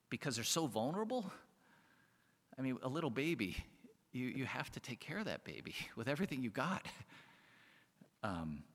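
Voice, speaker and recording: Bright-voiced man preaching in a hall. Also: medium pitch. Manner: conversational, chuckles often, rhetorical questions. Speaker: pastor. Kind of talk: sermon. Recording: reverberant hall.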